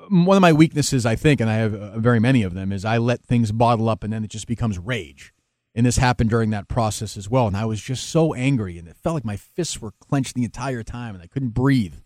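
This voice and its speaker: A man, a talk radio host, speaking candidly and emotionally in an interview, with frequent halting restarts. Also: on the low side, a little mellow, no room sound, clean studio sound. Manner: halting, many restarts, emotional and self-critical.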